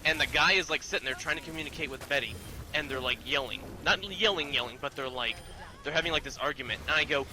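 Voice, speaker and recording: A man's voice: a little high, fast talker, noisy background. A man telling a work story in a casual, profane, rambling way with many fillers.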